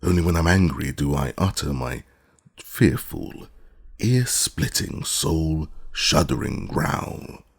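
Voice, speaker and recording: A man voicing a boastful gravelly beast. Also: very deep voice, lively intonation, slow, full character voice. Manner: proud, self-important bragging. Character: boastful, good-natured square-headed beast. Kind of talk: audiobook character reading.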